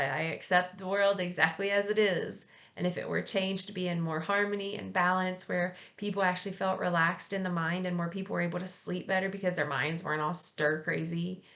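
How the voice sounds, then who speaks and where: A woman hosting a casual spiritual reflection in a relaxed, chatty way, gently encouraging her listeners and laughing at herself now and then. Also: fairly low pitch, vocal fry. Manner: relaxed and chatty, with frequent fillers.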